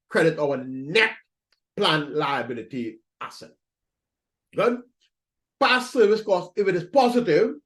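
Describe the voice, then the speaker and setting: A man whose voice sits on the high side teaches accounting in a screen-recorded walkthrough. He takes students through each entry step by step, restating points and asking "right?" along the way.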